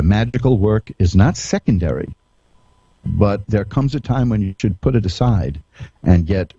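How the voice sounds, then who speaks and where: A man's voice: low voice, dark tone, slightly rough, no echo, dull audio. A man hosting a psychic radio show, telling folksy stories in a rambling way with chuckles and restarts. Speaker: psychic radio host and tarot reader. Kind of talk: radio monologue, anecdotal.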